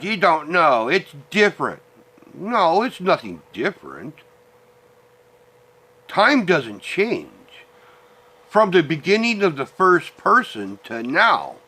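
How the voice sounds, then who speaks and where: Bright-voiced, profane middle-aged man ranting. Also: a little high. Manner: blunt and profane, heated. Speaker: vlogger. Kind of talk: ranting personal monologue.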